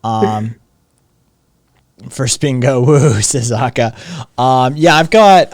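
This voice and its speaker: A man's voice: mid-range voice, lively intonation, very slow, a little mellow, no echo. A man hosting a live stream in casual chat, loose and profane, often laughing. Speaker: streamer host.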